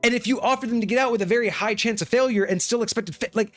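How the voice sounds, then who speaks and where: A man hosting a tabletop gaming live stream in casual chat, animated and often acting out quick bits of dialogue. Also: very high voice. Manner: animated, acts out quick snippets of players and guards. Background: faint background music.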